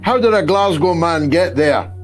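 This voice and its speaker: An older man hosting a live talk show, speaking emphatically and rhetorically with a slow, deliberate delivery. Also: on the high side, animated, faint music behind.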